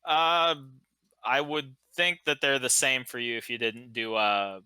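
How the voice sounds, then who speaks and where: Bright, relaxed man game master. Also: mid-range voice, a little slow, clean tone, no echo. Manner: relaxed, hesitant, laughs often. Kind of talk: running a tabletop game on stream.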